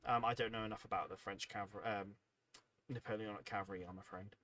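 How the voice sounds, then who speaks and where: A man's voice: fairly low pitch, steady tone, quick pace, a bit bright. A man hosting a hobby livestream, chatting casually and reading out viewer comments, rambling and self-deprecating, sounding tired and yawning. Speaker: livestream host.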